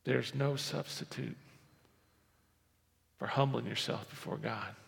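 Male pastor, gravelly tone, preaching with big dynamic swings, long hall reverb. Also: steady tone, slow. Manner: preaching with sudden swings between loud emphasis and low, quiet asides. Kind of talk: sermon. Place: church.

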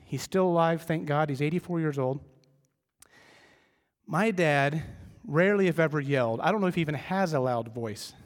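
A middle-aged man preaching a sermon as pastor, conversational, telling humorous family stories and dropping his voice low for emphasis. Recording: long reverb of a large hall.

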